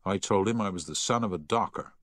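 A man voicing a kind, steady senior schoolboy prefect who speaks gently but firmly. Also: deep voice, fairly quick, no room sound, studio quality.

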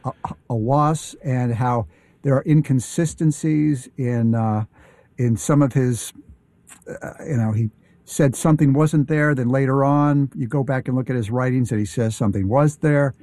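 A man talking casually as a guest on a radio show, enthusiastic but halting, with many fillers and restarts. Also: medium pitch, dark tone, dry recording.

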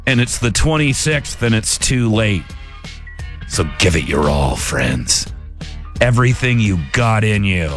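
A man's voice: on the low side, sing-song, measured pace. A man hosting a radio show and reading ads with a dramatic, punchy delivery. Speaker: radio host and ad announcer. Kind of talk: radio contest intro and ad reads. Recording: radio broadcast with loud music behind.

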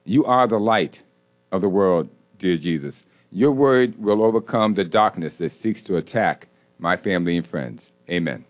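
Low-voiced male co-host, earnest and playful. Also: lively intonation, moderate pace. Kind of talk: prayer and casual banter.

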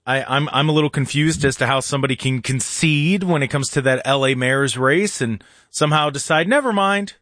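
A man's voice: medium pitch, fairly even intonation, a little fast, a bit bright, no room sound, studio quality. A man hosting a morning talk radio show, chatty and laughing often, now and then mimicking other voices.

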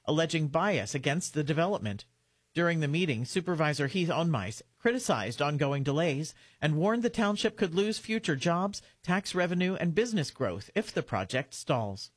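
A man reading a local radio news update, rattling off sports scores at a brisk clip. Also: fairly high pitch, no echo.

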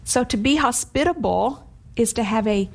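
A middle-aged woman teaching from the Bible with earnest warmth of conviction and a conversational flow. Her voice sits a little high, and she moves easily between everyday asides and quoted verses. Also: expressive, moderate pace, creaky. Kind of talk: devotional teaching.

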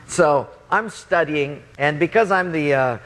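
A male pastor telling a lively personal story in a sermon, laughing and swinging his voice up and down, in a reverberant hall. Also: unhurried. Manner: animated, laughing storyteller with big pitch swings. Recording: long hall reverb, faint ambience.

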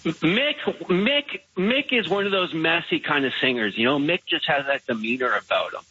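Man caller, rambling, slightly high, bright and husky, muffled line. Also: animated, normal speed, no room sound. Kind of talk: phoned-in radio chat.

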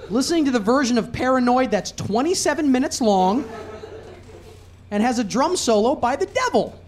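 A young adult man doing a stand-up comedy set, swinging from low mutters to loud shouting. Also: big pitch swings, moderate pace.

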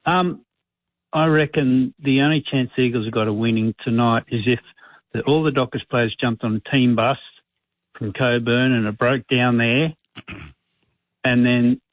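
A man's voice: medium pitch, steady tone, unhurried, dry recording. A man calling in to a radio show, joking casually. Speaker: caller. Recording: tinny phone line.

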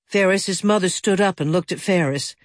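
An audiobook narrator reading a children's story gently and expressively. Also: medium pitch, moderate pace, dry recording, studio quality.

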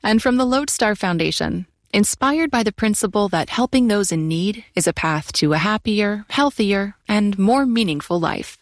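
A woman announcer reads funding credits in a smooth, scripted way. Her pitch is mid, and the studio sound is close and dry. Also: animated, moderate pace, few pauses, no room sound. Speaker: sponsor announcer.

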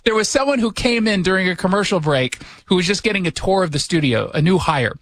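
A man's voice: high voice, animated, fast talker, a bit bright, no echo. A middle-aged man hosting a radio talk show in his studio, chatting casually with sarcastic jokes and rhetorical questions. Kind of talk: casual political commentary chat. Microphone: studio mic.

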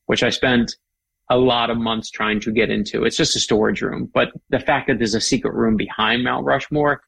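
A man's voice: medium pitch, normal speed, creaky, slightly rough. A middle-aged man, a guest author, chatting with enthusiasm and telling stories. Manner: enthusiastic, animated storyteller. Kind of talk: casual chat.

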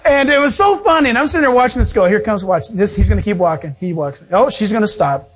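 A man preaching a storytelling sermon, animated and chuckling as he acts out the voices of people he describes. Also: high-pitched, fast talker, husky.

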